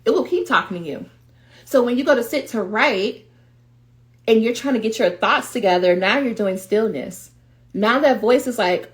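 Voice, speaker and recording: A woman giving a livestreamed coaching talk to doctoral students, direct and animated. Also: fairly high pitch, normal speed. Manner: animated, direct, acts out quoted voices. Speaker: dissertation coach.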